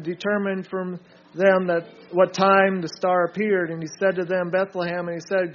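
A man's voice: sits high, flat delivery, moderate pace. A man leading a group Bible study, reading scripture aloud and drilling his listeners with short emphatic remarks. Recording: dull lo-fi recording.

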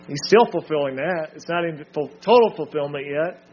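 A man's voice: fairly high pitch, moderate pace, a little hiss or hum. A man leading a group Bible study, reading scripture aloud and drilling his listeners with short emphatic remarks. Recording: dull lo-fi recording.

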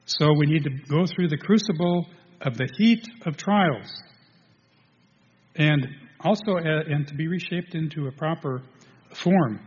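A man preaching a sermon to a congregation, halting, restarting, and filling pauses as he goes. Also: a little high, breathy edge. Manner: halting, with many restarts and fillers. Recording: dull lo-fi sound in a reverberant hall.

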